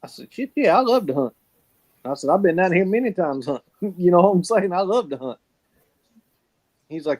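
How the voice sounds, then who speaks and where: A man's voice: high voice, expressive, moderate pace, long pauses, darkish tone. A man telling folksy stories in casual chat, swearing freely and laughing often. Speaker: podcast co-host.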